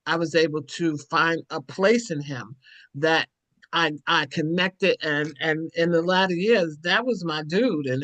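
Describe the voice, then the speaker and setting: A woman's voice: sits low, fairly bright tone, no echo. A woman in her sixties giving a heartfelt personal testimony as a guest on a church panel, in a reflective, storytelling way.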